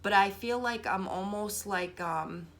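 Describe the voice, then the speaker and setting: A young woman with a Boston accent speaks in a loose, candid vlog style, cursing freely and circling back with "like." Her pitch sits in an ordinary middle range for a woman, and the talk runs as unscripted storytelling. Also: measured pace, fairly bright tone. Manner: candid, swears freely, rambling with many "like"s. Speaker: tarot reader.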